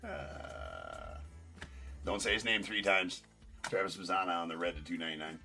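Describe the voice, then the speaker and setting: A man's voice: low-pitched, animated, normal speed, creaky, sharp tone, faint music behind. A man hosting a live card break stream, calling out pulled cards and bantering with viewers in chat.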